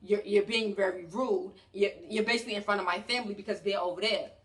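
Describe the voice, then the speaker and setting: A woman's voice: medium pitch, steady tone, quick pace, a bit bright, close to an everyday voice. A woman from New York voicing her upset girlfriend, who scolds indignantly and repeats herself. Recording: voice a bit distant from the mic.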